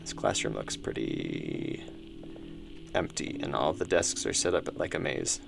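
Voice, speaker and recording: A man's voice: very deep voice, very animated, measured pace, gravelly, over music. A man casually commenting while he plays a horror game, musing aloud and reading the game's dialogue as he goes. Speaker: streamer playing a horror game.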